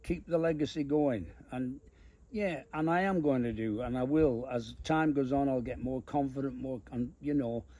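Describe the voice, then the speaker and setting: An older man, a comedian being interviewed, telling animated stories and acting out the voices. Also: mid-range voice, moderate pace, no room sound. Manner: animated, laughs through his stories, acts out voices. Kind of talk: anecdotal storytelling. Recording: noisy background.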